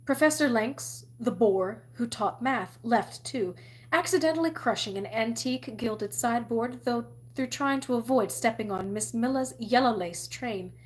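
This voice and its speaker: A woman reading a novel aloud in an expressive storytelling manner. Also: fairly high pitch, unhurried. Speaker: reader.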